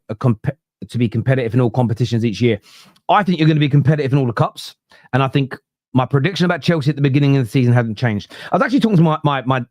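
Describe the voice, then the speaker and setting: Chatty football podcast host, dry sound. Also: male voice, mid-range voice, darkish tone, dry recording. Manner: chatty, frank, reacts to viewer messages. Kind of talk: casual live-stream chat.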